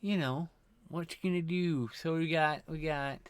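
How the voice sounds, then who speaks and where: Man, streamer, sleepy rambling chat with casual swearing; smooth, resonant tone. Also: fairly high pitch, steady tone, unhurried, no room sound. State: sleepy, yawning.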